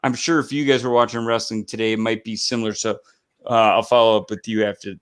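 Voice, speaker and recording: A man hosting a casual wrestling chat, rambling and animated with quick asides. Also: lowish voice. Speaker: podcast host.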